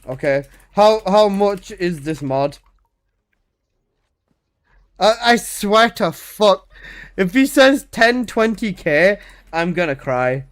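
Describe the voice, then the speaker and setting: A man with a notably high voice runs a live game stream, chatting in loose, excitable banter. He teases and swears freely, repeating himself while riffing on in-game trades. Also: slow, pauses often. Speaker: gaming streamer.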